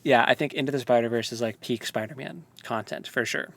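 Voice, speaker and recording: A man's voice: mid-range voice, fairly quick, vocal fry. Chatty, laughing man podcast co-host. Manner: animated, laughing, filler-heavy. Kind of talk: casual podcast discussion.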